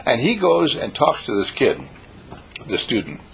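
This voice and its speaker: A man giving an inspirational talk, telling stories in an animated, emphatic way and repeating his key lines. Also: medium pitch, unhurried, gravelly, a little hiss or hum. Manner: animated, repetitive, emphatic storyteller. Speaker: speaker.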